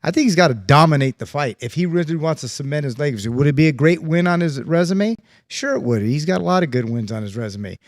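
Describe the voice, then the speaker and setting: A man's voice: a little high, expressive, quick pace, dry recording, studio quality. Man arguing his point on a boxing panel. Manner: argues in long hedged sentences with many restarts. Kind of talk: panel debate.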